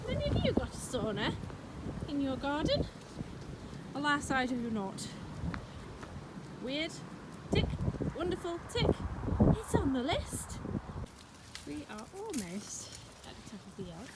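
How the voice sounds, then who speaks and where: A midlife Englishwoman hosts a chatty walking vlog along country lanes, playfully addressing both her viewers and the animals she passes. Her high-pitched voice swings hugely in pitch, moves a little slowly with long pauses, and the recording is very noisy.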